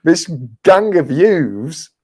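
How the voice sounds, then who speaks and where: A man's voice: fairly high pitch, very animated, very slow, a little mellow. English man telling a chatty story. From England. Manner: chatty, laughs through his anecdotes. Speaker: livestream guest. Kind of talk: casual storytelling.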